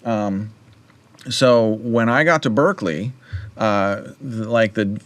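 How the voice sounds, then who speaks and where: A man's voice: on the low side, takes it slowly, dry recording. A man in his fifties hosting a livestream, telling a casual studio story and acting out the voices of people he quotes. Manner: animated, acts out quoted voices. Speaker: livestream host.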